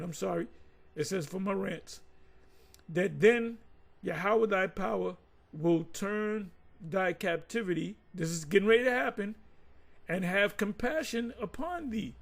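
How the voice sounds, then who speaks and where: A man reading scripture aloud in halting bits, then breaking into loose ranting commentary full of restarts and stumbles. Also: high-pitched, creaky.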